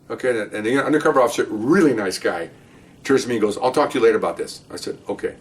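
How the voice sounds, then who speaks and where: A middle-aged man telling police stories in casual storytelling style, animated and acting out the dialogue. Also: racing. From Latino. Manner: animated, acts out dialogue with raised pitch. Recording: voice a bit far from the mic.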